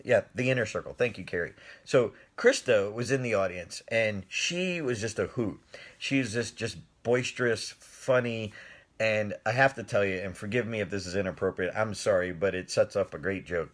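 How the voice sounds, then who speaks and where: Middle-aged man, lowish voice, animated live-stream storyteller who laughs a lot. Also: normal speed. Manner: animated, laughs often, talks to viewers' comments. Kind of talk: casual storytelling.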